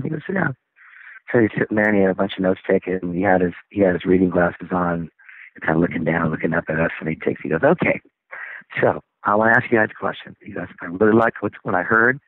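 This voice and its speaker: A man, a rock singer, telling stories in a casual interview, rambling and animated. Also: low voice, dry recording. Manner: rambling, animated storytelling with laughs. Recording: tinny phone line, dry.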